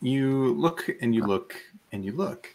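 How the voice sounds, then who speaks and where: A man running a tabletop role-playing game as game master, describing scenes in a relaxed way. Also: mid-range voice, a little slow, creaky.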